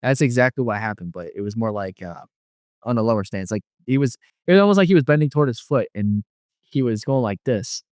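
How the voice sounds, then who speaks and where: A man's voice: mid-range voice, animated, brisk, a little mellow, no room sound. A young man telling a personal faith story in casual, slangy speech, acting out his own past reactions. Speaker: guest sharing his testimony.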